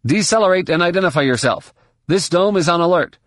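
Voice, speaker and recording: A man's voice: high-pitched, animated, a little fast, fairly bright tone, dry recording, clean studio sound, voice pushed up. A man voicing a stern, official male dock controller over a comm. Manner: official, clipped.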